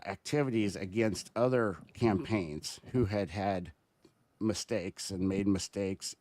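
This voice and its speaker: Man, lower voice, dry close sound, rambling storyteller, guest on a casual podcast. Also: no echo. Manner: rambling, animated storytelling with restarts.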